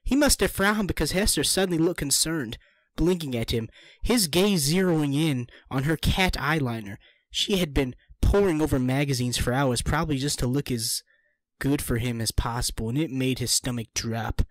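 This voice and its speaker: A man reads fan fiction aloud for laughs, brisk and teasing, ribbing his co-host. His voice sits in a middle register. The sound is dry and close, with no room echo. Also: medium pitch. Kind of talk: comedic read-aloud with banter.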